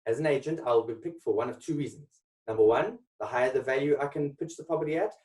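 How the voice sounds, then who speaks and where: A man's voice: mid-range voice, quick pace, darkish tone, far from the mic, rough recording. A man giving an emphatic motivational webinar talk full of rhetorical questions. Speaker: motivational speaker. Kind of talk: webinar presentation.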